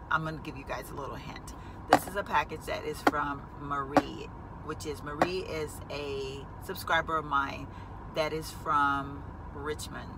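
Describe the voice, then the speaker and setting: A woman's voice: deep voice, noisy background. A woman chatting casually to her viewers while vlogging from her car, calling them y'all. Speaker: lifestyle vlogger. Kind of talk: casual vlog chat. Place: inside a car.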